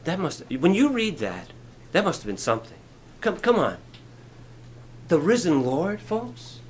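A man preaching a sermon in an animated way, acting out quotes along the way. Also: on the high side, slight background noise.

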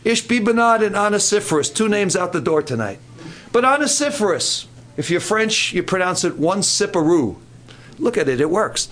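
Older male camp preacher, lively delivery with playful asides, voice pitched somewhat high. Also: moderate pace. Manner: animated, jokey preaching with quoted asides. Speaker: camp speaker. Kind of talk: sermon.

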